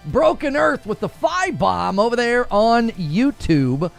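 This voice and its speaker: A man's voice: high-pitched, huge pitch swings, a little slow, creaky, soft background music. A man casually chatting with his live-stream audience, joking about slang and laughing often. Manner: joking, laughs often, mock-tough voices for quoted slang. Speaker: gaming streamer reading chat.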